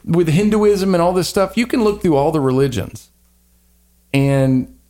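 A man hosting a podcast in casual, opinionated chat, rambling and animated with slangy asides. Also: a little high, unhurried. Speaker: podcast host.

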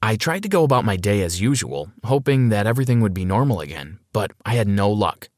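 A man narrating a first-person story in an expressive storytelling manner. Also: lowish voice, a little fast.

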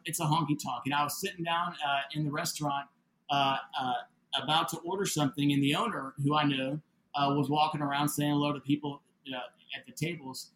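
Man, high bright voice, lively storyteller acting out the dialogue; roomy sound, faint ambience. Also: slight background noise. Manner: animated, acts out quoted dialogue. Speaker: interview guest, building owner. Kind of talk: casual spoken storytelling.

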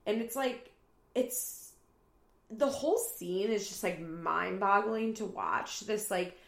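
Chatty woman with a gravelly voice. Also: mid-range voice, slow, echoey room. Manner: animated retelling, acts out quoted lines with raised voice. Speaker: reality TV recapper. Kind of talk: casual recap commentary.

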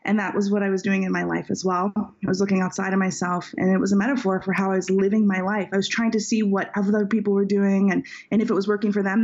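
A woman speaking with a gravelly, creaky edge at a middle pitch, sharing her story candidly and earnestly. The audio is dull and lo-fi. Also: a little mellow. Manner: reflective, heartfelt, earnest. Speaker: author being interviewed.

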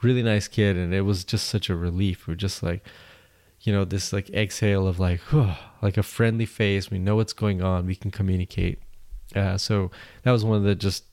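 A man's voice: sits low, fairly even intonation, normal speed, darkish tone. A man hosting a podcast, telling a travel story in a rambling way with many fillers and restarts. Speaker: podcast host.

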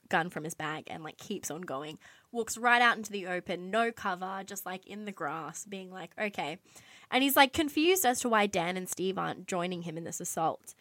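Woman telling a story on a podcast, animated, lots of "like", dry close sound. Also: fairly low pitch, brisk, no room sound. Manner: animated, swearing, many "like" fillers. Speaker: podcast co-host telling a true crime story. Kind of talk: casual storytelling chat.

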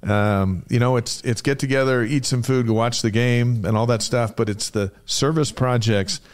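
Man, co-host of a studio sports show, relaxed banter, mid-pitched voice. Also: moderate pace. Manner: easygoing, reads out dates and show notices. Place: radio studio.

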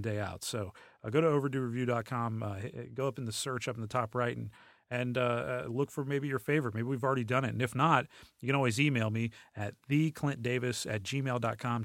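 A man's voice: mid-range voice, dry recording, clean studio sound. Casual man hosting a podcast. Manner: relaxed, rambling, frequent fillers and restarts. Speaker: podcast host. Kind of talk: casual solo podcast talk.

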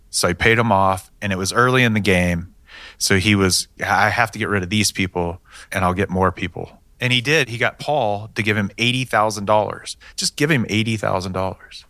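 A man's voice: on the low side, bright, forceful tone, no echo. A man, a police detective, telling his case in a matter-of-fact way with dry humor. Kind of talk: storytelling interview answers.

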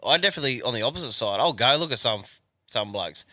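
A man's voice: mid-range voice, lively intonation, fast, sharp tone, dry recording, clean studio sound. A man with an Australian accent co-hosting a podcast, telling rambling stories full of swearing. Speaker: podcast co-host. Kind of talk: casual crude banter.

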